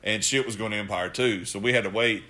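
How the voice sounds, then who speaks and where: A man telling a rowdy story among friends. His voice is bright and forward. He swears freely and laughs through his tales. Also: lowish voice, fast. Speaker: podcast co-host. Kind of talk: casual chat.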